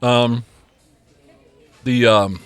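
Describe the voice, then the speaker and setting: A man's voice: medium pitch, fairly even intonation, drawn-out words, clean tone, soft background music. A middle-aged man co-hosting a podcast in casual chat, rambling with restarts and frequent ums. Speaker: podcast co-host. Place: podcast studio.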